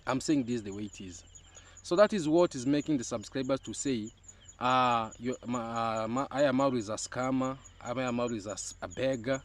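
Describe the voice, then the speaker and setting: A man's voice: mid-range voice, normal speed. Emphatic Kenyan man commentating. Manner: emphatic, repeats his points, frequent "huh?" and "hmm?". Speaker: YouTube commentator. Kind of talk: casual commentary monologue.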